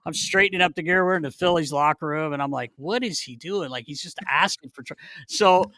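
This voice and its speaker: Bright, animated male podcast storyteller. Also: a little high, fast talker, dry recording. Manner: animated, profane, laughing storyteller. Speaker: podcast co-host.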